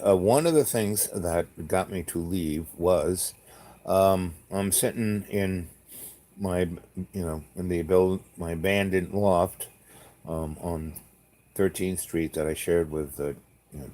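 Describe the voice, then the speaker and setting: A man with a fairly low voice tells a story in a casual way. He wanders off on tangents and restarts his sentences often. He keeps dropping in dry, jokey asides. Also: slow pace, warm tone. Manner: rambling, full of fillers and restarts, jokey asides.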